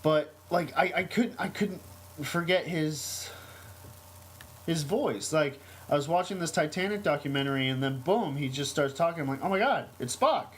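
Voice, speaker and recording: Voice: mid-range voice, moderate pace, low-quality recording. A podcast host with a mid-range voice reads a news item aloud, stumbling over ums and uhs, then slips into a loose, chatty story. The delivery is casual and unpolished, with a faint hum of noise behind it. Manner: hesitant, many ums and uhs.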